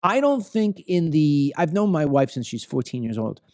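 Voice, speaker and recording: A man's voice: on the high side, very animated, normal speed, darkish tone, no echo, clean studio sound. A man in his fifties with a Long Island accent, hosting an opinion monologue in an emphatic, ranting way that keeps repeating phrases. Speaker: commentary show host.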